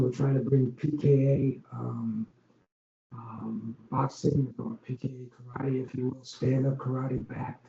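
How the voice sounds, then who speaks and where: An older man from Long Island, New York, once an arena executive, rambles through stories as an interview guest, full of ums and restarts. His voice is mellow and medium-pitched with vocal fry. The podcast audio is dull and roomy, with faint noise.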